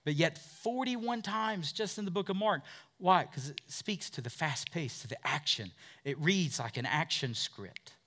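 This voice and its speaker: A man's voice: a little high, lively intonation, measured pace, bright, forceful tone. A man pastor preaching a sermon, emphatic, acting out quotes from listeners and scribes.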